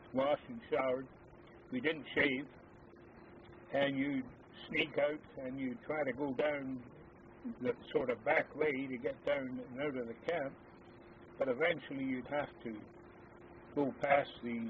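Older guy telling old army stories, lots of uhs, sounds like a thin phone line with a bit of hiss. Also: medium pitch. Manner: hesitant, halting with many fillers. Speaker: army veteran. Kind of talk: oral history reminiscence. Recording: tinny phone-like lo-fi with faint hiss.

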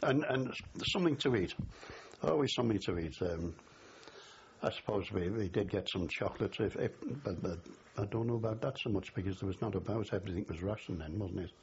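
A man's voice: on the low side, brisk. An older man from the Liverpool area with a Scouse accent, telling stories in an oral history interview and chuckling at his memories. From Liverpool area, England. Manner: chatty storyteller, laughs at his memories. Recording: dull lo-fi recording with faint hiss.

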